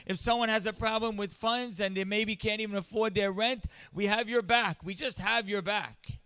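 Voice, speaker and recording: A middle-aged male rabbi delivers a storytelling speech at a charity event, his voice high and notably clear. He builds from quiet anecdotes to impassioned emphasis. The sound is dry and close, with no room echo.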